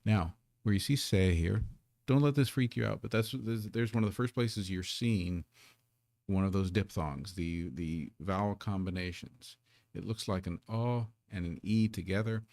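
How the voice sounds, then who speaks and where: A man teaching a live online Korean lesson, patiently explaining and sounding out syllables slowly. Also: fairly low pitch, vocal fry, darkish tone, no echo.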